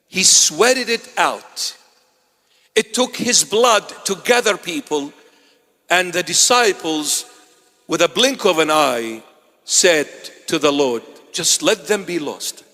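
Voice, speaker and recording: A bishop whose first language is Assyrian preaches in a high, carrying voice. He is animated and teases his listeners in quick asides. His sermon rings with the long echo of a church hall. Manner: animated, teasing asides to the congregation.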